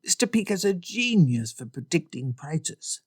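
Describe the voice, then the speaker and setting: A woman's voice: deep voice, very animated, unhurried, slightly rough, dry recording, clean studio sound, exaggerated voice. A woman voicing a modest, earnest young man who speaks plainly, in an audiobook.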